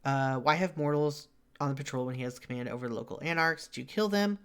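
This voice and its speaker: A man streaming a story game, chatting casually with quick asides and fillers between narrated passages. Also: mid-range voice, clean tone. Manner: chatty, self-deprecating, fillers. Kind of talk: live-streamed game reading and commentary.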